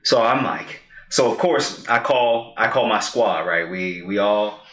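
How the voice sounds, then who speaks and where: Lively storytelling man in a roomy space. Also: fairly low pitch, measured pace. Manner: animated storyteller who acts out quoted lines. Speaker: podcast co-host. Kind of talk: casual podcast storytelling. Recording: roomy echo.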